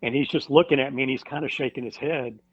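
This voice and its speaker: Man telling a story with halting restarts. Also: mid-range voice, fairly even intonation, no room sound. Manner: halting, with many fillers and restarts. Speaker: podcast guest; firefighter. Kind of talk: storytelling in a casual interview. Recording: dull dry recording.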